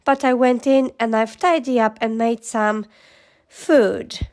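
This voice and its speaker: A woman voicing a sweet, gentle young princess in a storybook. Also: on the high side, fairly even intonation, takes it slowly. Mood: cheerful.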